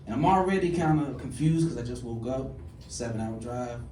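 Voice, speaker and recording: A male stand-up comedian telling a story on a club stage, animated, jumping to loud high bursts on the punchlines. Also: normal speed. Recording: echoey club, distant mic, audience noise.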